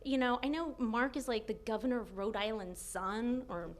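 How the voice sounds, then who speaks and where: A young woman telling a comic personal story, animated and laughing often as she acts out what people said. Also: a little high, normal speed.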